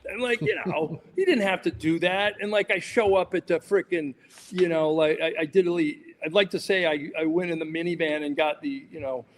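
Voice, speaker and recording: A man's voice: fairly high pitch, fairly quick, in a large hall, slight background noise. A man, a sports journalist and podcast guest, telling rambling anecdotes in casual chat, full of fillers and restarts.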